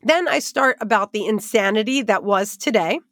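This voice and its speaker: A woman Bible teacher telling a lively personal story as she leads into a devotional lesson. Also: medium pitch, normal speed, no echo. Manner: animated, expressive storytelling with asides.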